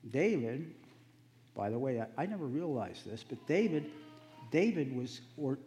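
A man giving a sermon in a relaxed, conversational storytelling manner. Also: medium pitch, moderate pace, big-room sound, faint music behind. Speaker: preacher.

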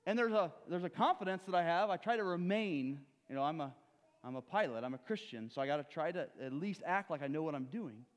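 A male preacher delivers an expressive, brisk sermon, alternating loud exhortation with quiet low asides, asking rhetorical questions and acting out stories. His voice trails off with a long reverb tail.

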